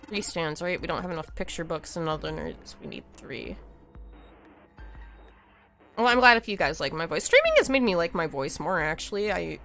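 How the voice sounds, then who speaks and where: A woman's voice: on the low side, wildly swooping pitch, moderate pace, a bit bright, soft background music. A woman live-streaming a game, chatting and giggling with viewers as she reads the game's lines aloud. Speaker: streamer playing a visual novel.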